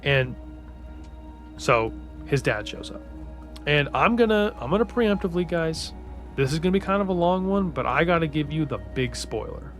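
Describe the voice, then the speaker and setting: A man giving a casual, rambling recap of a fantasy book series, swearing a lot and restarting sentences as he gets excited. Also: on the high side, moderate pace, soft background music. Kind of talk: casual spoiler-heavy story recap.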